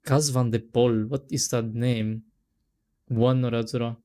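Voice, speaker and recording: Male streamer, mellow tone, rambling casual chat, trips over names. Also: medium pitch, fairly even intonation, a little slow. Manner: rambling, stumbles over names, laughs often. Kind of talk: casual let's-play chat.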